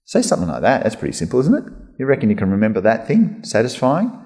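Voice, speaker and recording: A man preaching a conversational sermon as pastor, lively and chatty, slipping into mock voices. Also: medium pitch, fast. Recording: long hall reverb.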